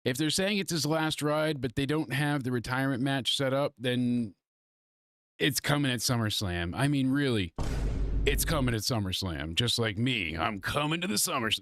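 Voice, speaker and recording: Man, congested, casual live stream host, loose rambling talk, mid pitch, dry sound. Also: lively intonation, moderate pace, a bit bright, dry recording. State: congested from allergies. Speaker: wrestling review livestream host.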